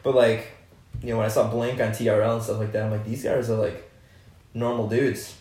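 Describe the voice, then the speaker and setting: Lower-voiced man telling stories, roomy sound. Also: little pitch movement, a little fast, darkish tone. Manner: loose, storytelling, swears freely. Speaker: podcast guest or host. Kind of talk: casual chat. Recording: roomy echo.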